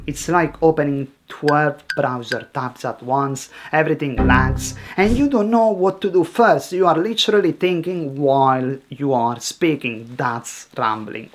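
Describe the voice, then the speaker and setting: A man, a teacher giving a scripted video lesson in short, emphatic phrases and rhetorical questions. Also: on the high side. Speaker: Italian teacher.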